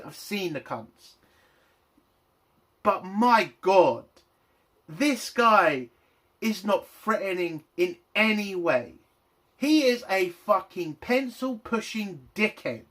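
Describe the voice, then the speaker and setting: A man's voice: high-pitched, a bit bright. A man and army veteran giving a heated, profane rant reviewing a game's campaign. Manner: angry, profane, exasperated. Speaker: game reviewer. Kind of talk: ranting game review.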